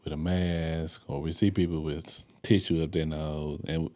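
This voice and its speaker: Very deep-voiced man hosting a podcast. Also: little pitch movement, measured pace, mellow. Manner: frequent affirmations and "you know" fillers, preacherly reflection. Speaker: podcast host, pastor. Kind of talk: casual interview chat.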